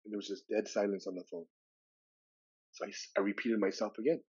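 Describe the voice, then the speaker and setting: A man in his sixties, a podcast guest from California, telling a personal story with animated delivery. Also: fairly low pitch, fast, breathy edge, muffled recording. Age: 60s. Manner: animated storyteller who acts out dialogue with shifting voices.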